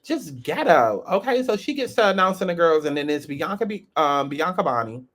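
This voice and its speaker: Sassy, blunt man with a raised pitch. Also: big pitch swings, moderate pace, fairly bright tone. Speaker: host of a reality-show review channel. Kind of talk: casual commentary.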